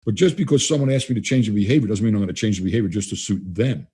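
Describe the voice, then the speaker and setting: Rich A fast-talking man with a husky, mellow voice, speaking as an interview guest. He is blunt and emphatic, and he slips into quick acted-out exchanges as he makes his points. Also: fairly low pitch, animated. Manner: blunt, emphatic, acts out dialogue. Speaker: guest trainer. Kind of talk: casual interview talk.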